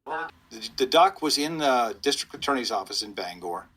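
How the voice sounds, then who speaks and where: This is a middle-aged man, a police spokesman, recounting a story in a relaxed interview. His voice is husky with a forceful, bright edge. He rambles and chuckles at his own tale as he goes. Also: mid-range voice, moderate pace. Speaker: police officer, public information officer.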